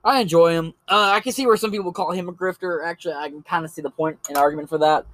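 A man's voice: fairly high pitch, quick pace, a bit bright. A man doing casual solo commentary on his podcast, talking in a rambling and profane way with lots of fillers. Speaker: podcast host recommending creators.

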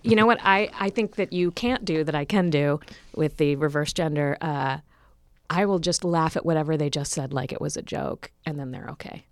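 A woman's voice: sits low, moderate pace, no echo, studio quality. A woman comedian chatting casually, acting out quoted people in shifting voices. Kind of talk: casual chat.

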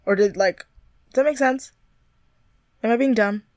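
A young woman co-hosting a podcast, chatting casually and quick to laugh while recapping a reality show. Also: fairly high pitch, a little mellow, no echo, studio quality. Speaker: podcast co-host.

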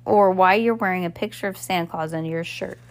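A woman's voice: fairly low pitch, quick pace, close to an everyday voice. A woman reading aloud and voicing a pompous, coughing middle-aged male banker who scolds and sputters. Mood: blustering. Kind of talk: audiobook character voice.

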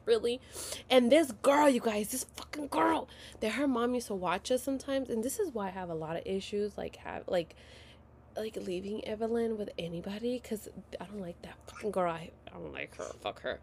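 A woman's voice: mid-range voice, expressive, moderate pace, creaky, darkish tone, a little hiss or hum. A woman in her thirties telling a story to her viewers at home in a casual, dramatic and profane way, often dropping to a whisper. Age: 30s.

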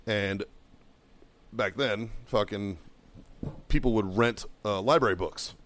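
A middle-aged man and former Marine telling a heated, heavily profane story on a podcast, now and then yelling as he acts out what was said. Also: fairly low pitch, slow pace, a little hiss or hum. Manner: bursts into loud yelling while acting out quotes. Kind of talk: casual chat, storytelling.

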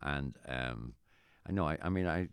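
A middle-aged Irish man chatting casually as an interviewee, rambling and halting with many restarts. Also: very deep voice, smooth, no room sound, clean studio sound. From Ireland. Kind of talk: casual chat.

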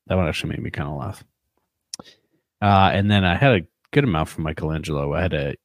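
Deep-voiced man in casual podcast chat. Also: animated, normal speed, vocal fry, pauses often, no echo, clean studio sound. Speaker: podcast co-host.

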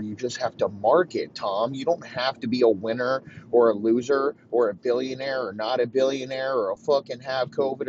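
A man's voice: medium pitch, a little mellow, muffled recording, a little hiss or hum, voice pushed up, natural voice. A man voicing a smug, preachy male league boss who lectures a star player with mocking profanity.

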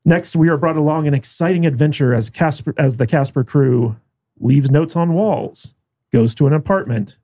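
A man's voice: a little high, moderate pace, dark tone. A man hosting a podcast, reading a sarcastic episode recap in a dry manner. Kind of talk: scripted recap with sarcastic asides.

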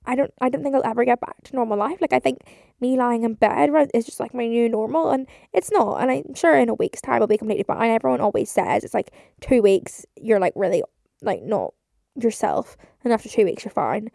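Drowsy young woman in her twenties, gravelly, slightly high voice, rambling, swearing and full of fillers. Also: lively intonation, a little fast, mellow, dry recording, studio quality. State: drowsy, recovering from surgery. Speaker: podcast host. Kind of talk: casual voice-note chat. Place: bedroom, lying in bed. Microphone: phone voice note.

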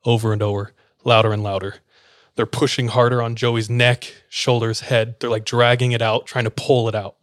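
A man's voice: medium pitch, flat delivery, normal speed, no echo, studio quality. A man telling a story in a loose, conversational way, full of filler words, acting out what people said. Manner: loose and conversational, many filler "like"s, acts out quoted lines. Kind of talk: casual spoken storytelling.

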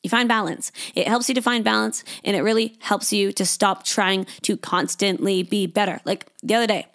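A young woman hosting a casual solo podcast, talking freely and swearing, who often acts out her own inner thoughts in a higher voice. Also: steady tone, moderate pace, fairly bright tone. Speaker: podcast host.

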